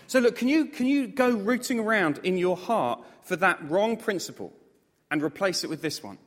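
A man preaching a sermon, animated and self-mocking, with jokey asides to the congregation. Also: high voice, normal speed. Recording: long hall reverb.

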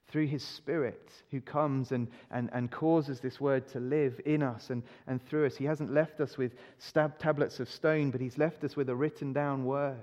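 A man's voice: mid-range voice, a little mellow. A male preacher giving a sermon, emphatic, often putting rhetorical questions to his listeners. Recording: dull recording in a reverberant hall.

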